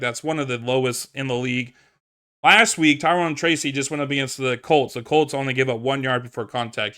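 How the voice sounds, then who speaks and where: A man's voice: medium pitch, sharp tone. A man hosting a fantasy football show, casually reading through numbers and thinking aloud with restarts and fillers. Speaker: fantasy football podcast host. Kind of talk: casual stats breakdown.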